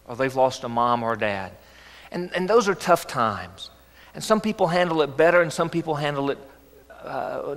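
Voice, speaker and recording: A man preaching a sermon as pastor, earnest and gently coaxing, often asking rhetorical questions. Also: on the high side. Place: church sanctuary. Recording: echoey church hall.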